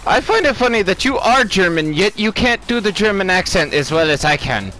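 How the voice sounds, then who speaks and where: A man bantering over a shooter game, joking and swearing in a relaxed, casual way. His voice sits a touch high for a man. Game noise clearly runs underneath. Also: fairly quick. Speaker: gamer. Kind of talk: casual gameplay chat.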